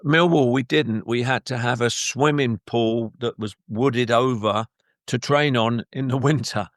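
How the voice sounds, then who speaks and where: With a mid-range voice and an unhurried pace, the former footballer, now an older man, recounts rambling anecdotes in an interview. He's animated and acts out what others said, and the studio-quality audio has no echo.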